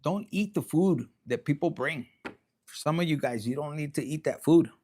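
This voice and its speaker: A man's voice: on the high side, normal speed, a little mellow, a little hiss or hum. A man giving a casual, rambling and bawdy tarot reading, joking and slipping into Spanish. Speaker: tarot reader.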